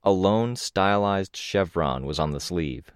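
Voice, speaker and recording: A man with a very deep, low voice narrates a first-person audiobook in a measured, even storytelling manner. The recording is dry and close, with no room sound around him. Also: clean tone, no echo.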